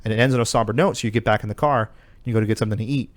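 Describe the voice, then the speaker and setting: Podcast co-host, male, lowish voice, profane rambling storyteller, dry close sound. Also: fairly even intonation, very fast, dry recording. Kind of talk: casual chat.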